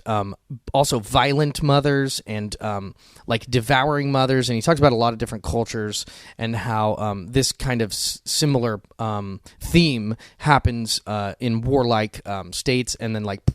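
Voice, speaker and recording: A man's voice: mid-range voice, smooth, no room sound, clean studio sound. A man co-hosting a podcast in casual chat, rambling with many ums and some swearing. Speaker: podcast co-host.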